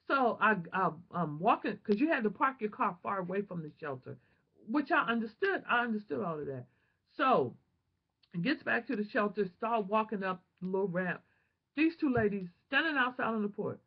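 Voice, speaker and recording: A woman vlogger telling a personal testimony in an animated, emotional, prayerful way, on a dull lo-fi home recording. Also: medium pitch, moderate pace, husky.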